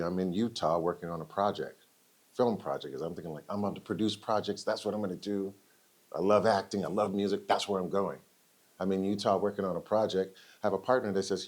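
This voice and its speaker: A man giving a storytelling speech at a roundtable event, acting out quoted dialogue with lively shifts. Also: deep voice. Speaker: speaker at a roundtable.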